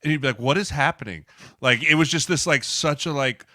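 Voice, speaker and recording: A former football lineman co-hosting a podcast, telling animated stories in casual chat and acting out the quotes. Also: fairly high pitch, fast, no echo, clean studio sound. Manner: animated storyteller, acts out quotes.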